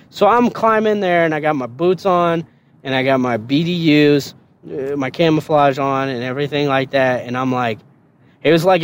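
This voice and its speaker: A man with a high speaking voice tells a rowdy story about his past. He swears freely, breaks into laughter, and jumps up in pitch to play the other voices in his tale. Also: moderate pace, slight background noise. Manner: laughing, swearing, acts out quotes in a higher voice. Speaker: podcast host telling a story. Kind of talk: casual storytelling.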